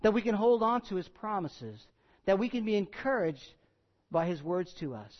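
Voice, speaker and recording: A man preaching a sermon as pastor, emphatic, building to loud peaks and dropping low. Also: sing-song, normal speed. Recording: dull sound in a large reverberant hall.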